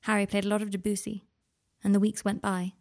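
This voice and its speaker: A woman narrating fan fiction in a measured, intimate storytelling voice. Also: medium pitch, little pitch movement, darkish tone.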